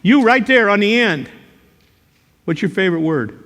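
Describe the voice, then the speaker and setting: An older man, a teacher, giving a motivational talk to a live audience, telling jokey stories with sudden loud outbursts. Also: high voice, moderate pace. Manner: animated storytelling, joking, sudden loud outbursts. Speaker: character education teacher and speaker. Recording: reverberant hall.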